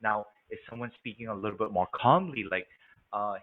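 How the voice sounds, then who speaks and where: A man teaching sales techniques in an energetic, coaching way, showing how to shift his voice's tone. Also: fairly low pitch, brisk. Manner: energetic, coaching, demonstrates voice tones. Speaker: sales trainer. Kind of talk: instructional talk. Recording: narrow phone-like sound.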